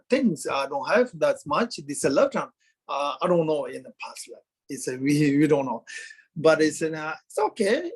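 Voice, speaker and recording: Tibetan-accented man, halting and fairly high. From Kham, Tibet. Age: 50s. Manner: hesitant broken English, many pauses and fillers. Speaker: Buddhist lama telling his story. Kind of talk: halting interview storytelling.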